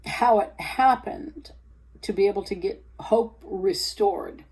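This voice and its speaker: A woman sharing a personal faith testimony, halting and hesitant with many fillers, growing more animated when she retells scripture. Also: husky, poor audio. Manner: rises in pitch and energy when retelling scripture.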